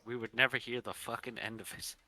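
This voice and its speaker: A man's voice: medium pitch, little pitch movement, pushed and bright. A man playing a tabletop game, joking and swearing in casual chat. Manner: joking, swearing, quick quips. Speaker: player.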